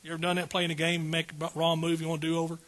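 A man's voice: a little high, completely flat delivery, racing, a bit bright. A male preacher giving a folksy sermon and calling out questions to his congregation.

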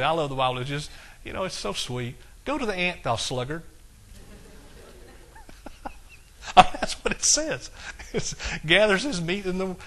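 A preacher from East Texas with the accent to match delivers a folksy sermon, breaking into exclamations as he quotes old-style scripture. His voice is bright and forceful and sits a little high for a middle-aged man. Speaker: pastor.

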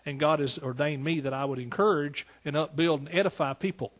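Husky-voiced preacher in his sixties. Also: fairly high pitch, fairly even intonation, fairly quick. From East Texas. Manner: folksy, storytelling, rising to emphatic praise. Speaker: pastor. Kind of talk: sermon.

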